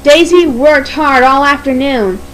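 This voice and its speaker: Female storybook narrator, high and unhurried, expressive read-aloud. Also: slight background noise, low-quality recording. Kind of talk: storybook reading.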